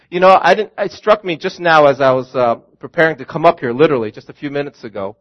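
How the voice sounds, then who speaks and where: Earnest high-voiced man preaching. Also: quick pace, hardly any pauses, muffled recording. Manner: earnest, addresses listeners as friends, repeats key lines. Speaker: pastor. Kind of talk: sermon.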